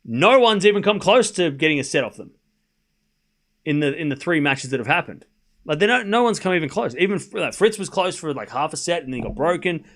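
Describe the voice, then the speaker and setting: A man hosts a live tennis watchalong, talking loosely to his chat. His voice sits a little high for a man, and he rambles through rhetorical questions and dry sarcastic asides between calling the score. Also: animated, a little fast, fairly bright tone. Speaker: stream host and tennis commentator. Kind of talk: casual livestream commentary.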